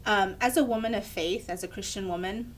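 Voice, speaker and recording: Young woman co-host with a mid-range voice, telling a lively personal story over a faint low rumble. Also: brisk. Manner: animated storyteller acting out quoted voices. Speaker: podcast co-host. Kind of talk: candid personal story in a podcast chat.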